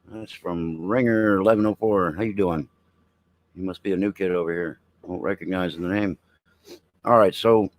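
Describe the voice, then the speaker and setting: Captured in poor audio with no echo, this veteran podcast host speaks in a low voice. The middle-aged man does casual live-stream commentary, reading out headlines, joking bluntly about them and responding to chat.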